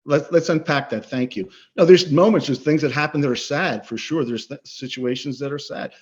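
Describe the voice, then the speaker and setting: A man's voice: a little high, moderate pace. A middle-aged man, a coach and guest speaker, talking earnestly and emphatically in an interview, often repeating words for stress. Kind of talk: interview conversation. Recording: slightly dull lo-fi audio.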